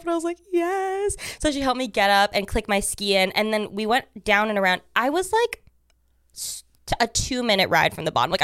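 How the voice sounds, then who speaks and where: A young adult woman guesting on a podcast, telling a story in an animated, casual way and acting out the voices of people in it. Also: mid-range voice, clear, resonant tone, no room sound, studio quality. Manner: animated, acts out voices in her stories.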